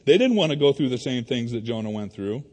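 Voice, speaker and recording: A male pastor preaching a sermon in a church, conversational and animated, talking to the congregation like friends. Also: medium pitch, quick pace. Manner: conversational and animated, addressing the congregation as "you guys". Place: church sanctuary. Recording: reverberant hall.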